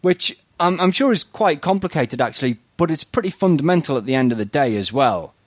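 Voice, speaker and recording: A man hosting a casual tech news podcast, running through headlines in a brisk, joking way and tagging "right?" onto his lines. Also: on the high side, animated, no room sound. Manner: brisk, jokey, keeps adding "right?". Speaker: podcast host.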